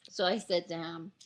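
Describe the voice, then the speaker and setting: A woman vlogger telling a story to her camera in a casual, animated way, laughing through it. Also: lowish voice, slight background noise.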